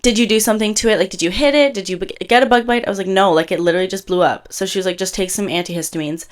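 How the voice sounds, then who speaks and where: A woman in her twenties from Canada, co-hosting a podcast in casual chat, telling an animated story and acting out what people said. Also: mid-range voice, very fast. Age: 20s. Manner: animated storytelling, acts out quotes. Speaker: podcast co-host.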